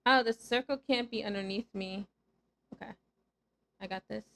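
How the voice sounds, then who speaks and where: A woman's voice: mid-range voice, moderate pace, vocal fry, a bit bright. A young woman VTuber chatting casually with her live-stream viewers while gaming, playful and teasing, breaking into squeals and laughter.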